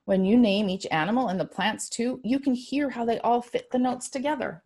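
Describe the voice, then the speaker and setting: A woman's voice: fairly high pitch, normal speed, pitched above the performer's own voice, close to an everyday voice. A woman voicing God as a cheerful little girl. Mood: playful. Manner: gentle storytelling.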